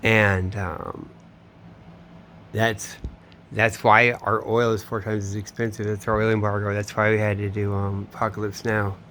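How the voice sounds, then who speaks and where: A man's voice: fairly low pitch, flat delivery, measured pace, fairly bright tone, slight background noise. A man telling a long, meandering personal story, swearing often and trailing off mid-sentence. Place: home in Florida.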